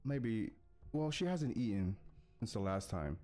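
Man, gameplay commentary, excitable, talks to the characters, swooping lively pitch, unhurried pace. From United States. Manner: excitable, talks to the game characters, chants urgent repeats. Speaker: gaming YouTuber.

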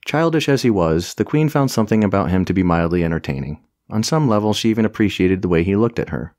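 A man's voice: sits low, animated, fast talker, darkish tone, dry recording, clean studio sound. A man narrating a comic fantasy audiobook with a wry, storytelling delivery.

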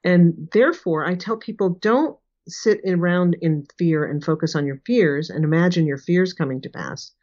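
A woman's voice: low voice, a little mellow. A woman in her sixties, a guest on an interview show, talking casually with frequent laughs and acted-out quotes. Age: 60s. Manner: chatty, laughs often, acts out quotes. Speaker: guest, remote viewing teacher. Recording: dull lo-fi audio.

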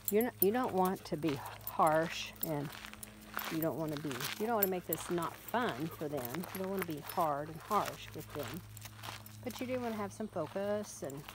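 Woman breeder, lowish voice, relaxed walk-and-talk, phone mic outside, rural noise behind. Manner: chatty, talks to the dog in a coaxing voice. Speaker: dog breeder. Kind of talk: casual vlog while walking a puppy. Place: outdoors on a rural road.

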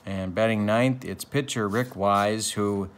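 A man hosting a tabletop baseball replay, narrating in a mock-serious sportscaster tone with deadpan jokes and a relaxed flow full of fillers. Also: lowish voice, a little slow. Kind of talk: play-by-play style narration of a tabletop game replay.

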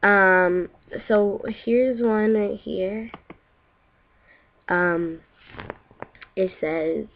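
A woman's voice: mid-range voice, drawn-out words, pauses often, muffled recording. A young woman from the United States, chatting offhand and rambling to camera as a vlogger. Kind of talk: casual chat to camera.

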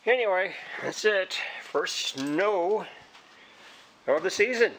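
A man's voice: expressive, a little slow, pauses often, a bit bright, slight background noise. Chatty man vlogging in a snowy yard. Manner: rambling, chatty, talks to his dog in a high sing-song voice. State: cold, fingers freezing. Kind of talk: casual vlog narration.

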